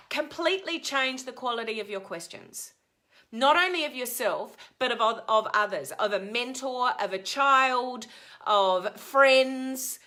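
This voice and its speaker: Bright, emphatic woman coaching viewers. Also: on the high side. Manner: energetic, emphatic, acts out quoted complaints. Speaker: life coach. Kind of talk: live motivational talk to viewers.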